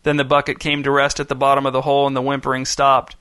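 Bright, dry-voiced male storyteller. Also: medium pitch, monotone, fast, smooth, no room sound. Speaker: narrator. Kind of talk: scripted narration.

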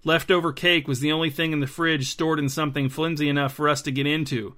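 A man's voice: on the high side, little pitch movement, fast, pushed and bright. A man voicing a tired middle-aged mother in an audiobook, speaking in a worn, pleading way. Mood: weary. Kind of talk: audiobook character reading.

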